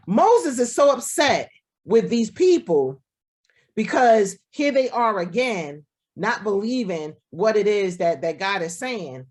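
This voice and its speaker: A woman pastor preaches over a video call, her pitch swinging up and down as she talks. She keeps the tone conversational, tossing in "right?" and acting out the voices of the people she quotes. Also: very animated, takes it slowly, darkish tone. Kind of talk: sermon.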